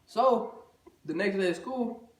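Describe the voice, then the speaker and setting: Speaking slowly in a high voice, a male vlogger spins a loose, profane storytime, saying "bro" in almost every line. The room is echoey and he's far from the microphone.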